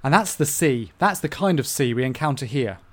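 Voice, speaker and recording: A man from England preaching a sermon, swinging between loud emphasis and hushed asides. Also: medium pitch, animated, fairly quick.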